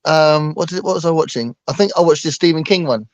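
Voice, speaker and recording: A man's voice: on the high side, quick pace, no room sound. A man co-hosting a casual book chat, rambling with lots of fillers and restarts. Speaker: booktuber co-host.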